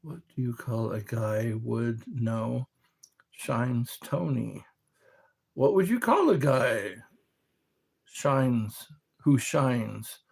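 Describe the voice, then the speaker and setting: A man chatting casually as a streamer, reading questions aloud and riffing on them. He talks slowly with a husky edge and a lively, wide-ranging pitch. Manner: rambling, jokey, reads questions aloud and answers them. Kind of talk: casual chat.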